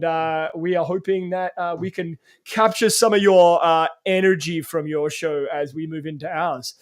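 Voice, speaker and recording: Canadian male podcast co-host, high-pitched, halting casual delivery. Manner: hesitant, many fillers and restarts. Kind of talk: casual chat.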